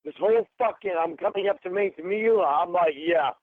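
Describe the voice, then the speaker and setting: A man's voice: high voice, fairly quick, dry recording. A man in a heated phone argument, angry and accusing, swearing constantly as he talks. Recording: tinny phone line recording.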